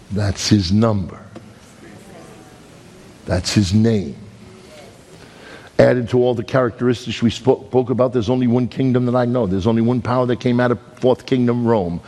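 A man with a Brooklyn accent preaching a sermon, emphatic, swinging between high loud peaks and slow low words. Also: fairly even intonation. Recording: long hall reverb.

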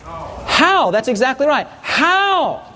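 A man's voice: very high-pitched, moderate pace. A man preaching a sermon to a congregation, telling stories with humor and asking the audience to answer back. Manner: animated storytelling with audience call-and-response.

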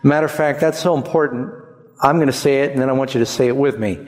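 A man preaching a sermon in an animated way, leading the congregation to repeat lines back to him. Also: mid-range voice, fast, big-room sound.

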